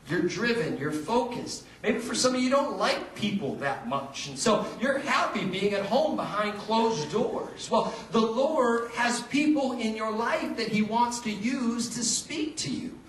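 A man preaching a sermon as pastor, telling a story with lively, animated delivery and acted-out dialogue. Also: high-pitched, slight background noise. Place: church sanctuary. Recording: roomy, distant church recording.

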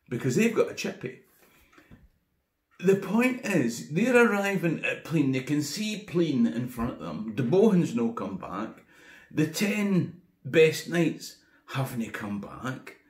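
A Scottish man spins a comic history yarn with chatty asides and dry humour. His voice sits a little high. The recording carries a noticeable room echo. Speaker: history tour guide storyteller. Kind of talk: casual comic storytelling.

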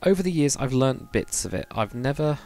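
Gravelly young Englishman streaming, rambling. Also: medium pitch, lively intonation, a little fast, a little mellow, soft background music. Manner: rambling, chatty, reads viewer comments aloud. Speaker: live streamer. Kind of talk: casual chat while building in a game.

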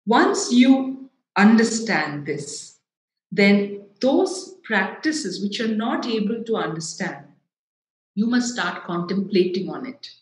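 A woman's voice: medium pitch, sing-song, takes it slowly. Earnest South Indian woman in an echoey hall. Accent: South Indian English. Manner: earnest, emphatic, explanatory. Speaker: speaker giving a talk. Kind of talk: public talk.

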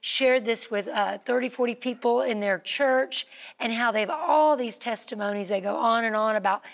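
A woman with a fairly high voice co-hosts a TV talk show. She reads out a viewer's email, then reflects on it in an easy, conversational way. Her turns invite her co-host to pick up the thread. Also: normal speed, gravelly.

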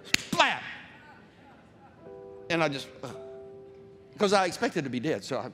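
Male pastor, high and expressive, animated storyteller, long church reverb. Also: a little fast, faint music behind. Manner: animated, acts out voices in his story, shouts and laughs. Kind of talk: sermon with storytelling.

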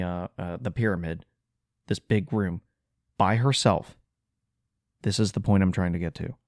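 Man, podcast host, fairly low voice, dry close sound, sarcastic exasperated rant. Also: darkish tone, dry recording. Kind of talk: casual solo commentary.

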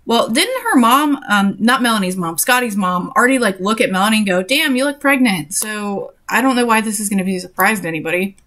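A woman's voice: medium pitch, expressive, fast talker, few pauses, fairly bright tone. A young woman reading a story aloud and breaking off for sarcastic, exasperated comments on it. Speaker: reader and commentator.

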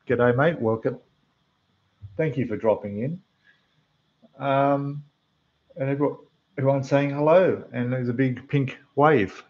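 An Australian man hosting a scale model livestream rambles on, chatting to viewers as he builds. His mid-range voice is rough and losing its depth, with a measured pace and long pauses, picked up by a dull desk microphone that gets quieter when he turns away.

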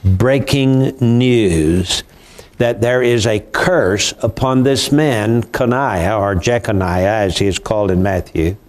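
A man's voice: fairly low pitch, takes it slowly, a little mellow. An older man, hosting a conversational Bible study in a folksy, emphatic way. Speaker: Bible prophecy show host.

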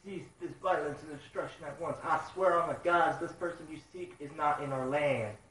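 A man's voice: a little high, a little fast, fairly bright tone, close to an everyday voice. A man reading as a formal dog duke. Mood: solemn. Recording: roomy sound, mic at a distance.

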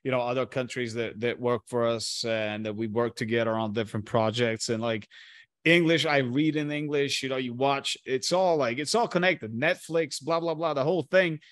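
A man's voice: medium pitch, moderate pace, a bit bright, no echo, studio quality. A man hosting a podcast, talking casually and swearing freely, often stumbling and restarting. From Bulgaria. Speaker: podcast host.

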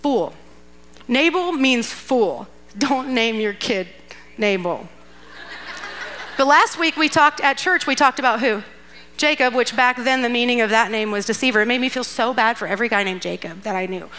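Bright, chatty woman preaching. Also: fairly high pitch, normal speed. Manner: chatty and playful, acting out characters with asides and laughs. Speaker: guest speaker at a church youth event. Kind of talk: casual storytelling sermon.

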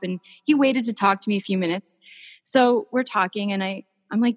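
A woman artist telling stories in a casual interview, gushing and animated. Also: fairly high pitch, a little fast, big-room sound. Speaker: artist guest.

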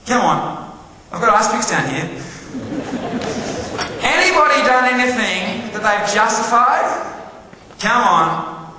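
A man giving a lively motivational keynote, firing questions at his audience. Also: very high-pitched, takes it slowly, long pauses, noisy background. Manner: animated, quizzes the audience. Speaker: motivational speaker. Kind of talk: live keynote talk to an audience. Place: large hall with live audience. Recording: echoey hall with long reverb, faint ambience.

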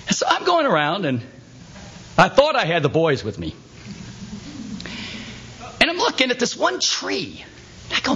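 A man preaching a sermon, telling stories with animated acted-out scenes and asking his listeners for assent. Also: sits high, lo-fi sound, a little hiss or hum. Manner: animated storytelling, acts out scenes, asks the crowd for assent. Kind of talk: sermon with anecdotes.

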